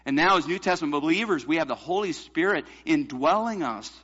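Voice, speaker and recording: Male pastor, emphatic sermon delivery, slightly high bright voice, muffled lo-fi recording. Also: lively intonation, brisk, breathy edge. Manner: emphatic preaching, rhetorical questions to the congregation.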